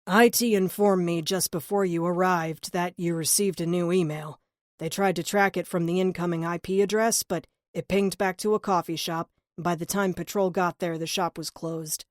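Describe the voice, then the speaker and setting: A woman's voice: lowish voice, steady tone, moderate pace, no room sound, clean studio sound, natural voice. A woman voicing a stern male police captain who gives firm orders in an audiobook. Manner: firm and commanding.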